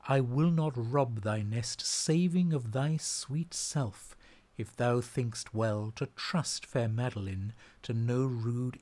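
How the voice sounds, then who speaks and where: A man's voice: medium pitch, a little mellow. A man playing a devoted young male lover in a dramatic poetry reading, speaking in a fervent, declamatory way.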